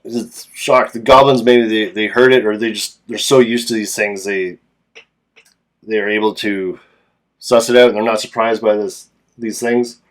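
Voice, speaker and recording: A man's voice: lowish voice, fairly even intonation, a little slow. A man casually narrating and playing a solo tabletop game as game master, thinking aloud as he rolls dice.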